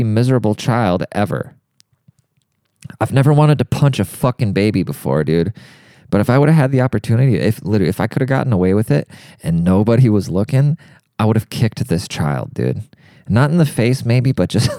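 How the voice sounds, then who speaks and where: A young man rambles through a profane comedic rant, worked up and crude. His voice sits low with a dark, mellow tone. The sound is close and dry. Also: lively intonation, a little fast, no room sound. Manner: profane, rambling, fired-up, says dude a lot. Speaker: monologue speaker.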